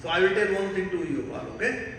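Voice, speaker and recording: A man from North India with a North Indian accent, preaching a scripture class in an animated storytelling way and quizzing his listeners. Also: high voice, quick pace, crowd noise. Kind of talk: sermon. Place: large temple hall. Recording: echoey hall recorded from far off.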